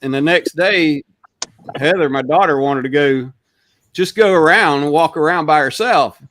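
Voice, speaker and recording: A man's voice: on the high side, animated, moderate pace, a bit bright, no echo. A middle-aged man hosting a casual chat, telling stories and laughing at his own jokes. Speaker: host.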